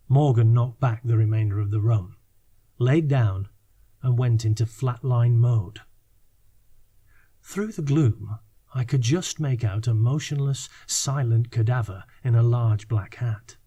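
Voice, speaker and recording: A man narrating a fiction audiobook in measured, unhurried reading. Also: mid-range voice, dark tone, slightly rough. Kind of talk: scripted narration.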